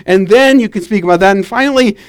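High-voiced preacher calling for amens. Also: male voice, quick pace, clean tone. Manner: animated storytelling with calls for amen. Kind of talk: sermon.

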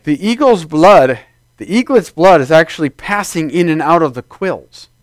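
High-voiced man preaching conversationally. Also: expressive, moderate pace, dry recording. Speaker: pastor. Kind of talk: sermon.

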